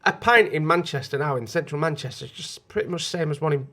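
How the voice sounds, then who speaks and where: A man's voice: fairly high pitch, quick pace, a bit bright. Teasing man. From northern England. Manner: teasing, blunt banter. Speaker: podcast co-host. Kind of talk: casual comic podcast chat.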